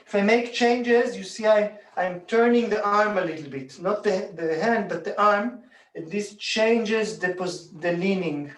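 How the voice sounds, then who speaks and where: A man, a bodywork teacher, calmly explaining a hands-on demonstration and chanting rhythm sounds as he works. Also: high-pitched. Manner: calm, unhurried, counts and chants rhythm sounds while demonstrating. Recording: echoey room, voice from a distance.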